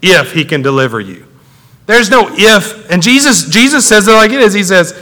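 Pastor guy preaching, bright forceful voice, chatty and fired up, big reverb from the hall. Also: high-pitched, moderate pace. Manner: animated, conversational preaching with rising intensity. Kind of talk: sermon. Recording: echoey hall with long reverb.

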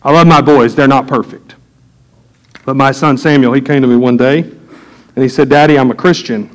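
A man's voice: mid-range voice, steady tone, moderate pace. A middle-aged man, a pastor preaching a sermon to his congregation in a folksy storytelling way.

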